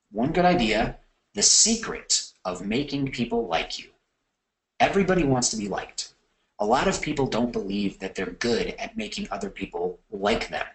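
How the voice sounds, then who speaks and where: Male instructor, lowish voice, relaxed lecture delivery with fillers and restarts. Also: rough recording. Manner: conversational, with fillers and self-corrections. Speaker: course instructor. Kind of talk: recorded lecture on copywriting.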